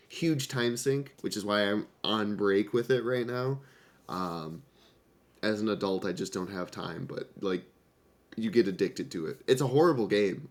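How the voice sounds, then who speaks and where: A man in his twenties co-hosting a casual podcast chat with friends, opinionated and playful in short clipped remarks. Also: fairly low pitch. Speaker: podcast co-host.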